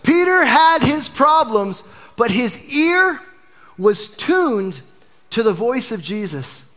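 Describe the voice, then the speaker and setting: Animated male pastor preaching a sermon. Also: very high voice, takes it slowly. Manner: animated preaching, dropping to a hush for emphasis.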